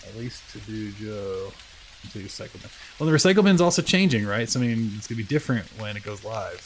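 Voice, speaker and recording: A man's voice: on the low side, lively intonation, fast, slight background noise, poor audio. A man chatting casually while live-streaming a video game, rambling through asides and poking fun at himself. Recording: game music playing clearly behind.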